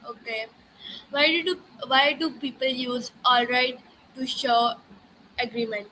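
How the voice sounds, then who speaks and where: High, bright-voiced halting woman student. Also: fairly even intonation, slight background noise, poor audio. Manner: halting, hesitant delivery. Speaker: student interviewer. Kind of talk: reading prepared questions.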